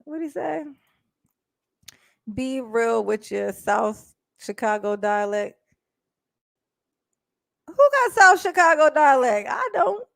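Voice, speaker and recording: A woman doing casual live-stream commentary, blunt and profane, chatting directly with her viewers and breaking into quick laughs. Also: sits high, very animated, vocal fry, a bit bright, no echo, clean studio sound. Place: indoors at home.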